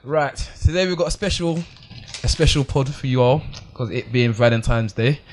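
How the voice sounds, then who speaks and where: Man, mid-pitch, playful podcast host introducing guests. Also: moderate pace, a little hiss or hum. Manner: playful, upbeat. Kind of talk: casual podcast hosting.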